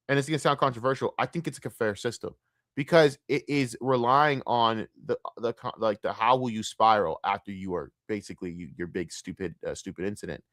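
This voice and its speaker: Male streamer, low voice, dry close sound, profane blunt rant, repetitive. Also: fairly bright tone, dry recording. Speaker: streamer reacting to a video. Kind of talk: ranting commentary.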